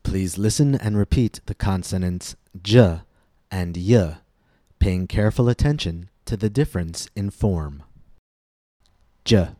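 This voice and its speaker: Guy teaching english sounds, low mellow voice, dry close mic, slow and super clear. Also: no room sound. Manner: slow, careful, clearly enunciated. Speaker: pronunciation teacher and podcast host. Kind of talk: scripted pronunciation lesson.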